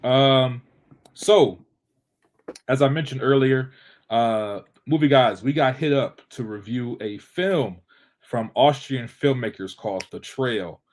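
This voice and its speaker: A man's voice: medium pitch, slow pace. A man hosting a movie podcast, talking bluntly and casually, swearing and saying bro. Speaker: podcast host. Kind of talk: casual chat.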